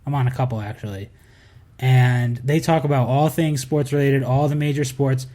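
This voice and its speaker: A man's voice: medium pitch, steady tone, warm tone. A man co-hosting a casual sports podcast, talking in a heated, emphatic rant. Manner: heated ranting, quick and emphatic. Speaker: podcast co-host.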